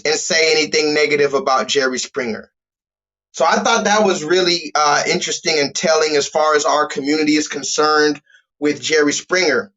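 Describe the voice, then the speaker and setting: A man hosting a livestream, ranting loudly and bluntly with lots of profanity while talking to his chat. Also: a little high. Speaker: livestream host. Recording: dull lo-fi stream audio.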